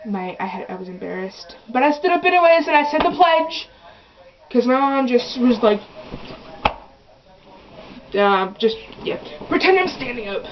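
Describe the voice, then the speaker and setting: A woman's voice: fairly high pitch, expressive, normal speed, long pauses, dull audio. A young teenage girl telling a rambling, chatty story for her vlog, often restarting her sentences. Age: early teens. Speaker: vlogger.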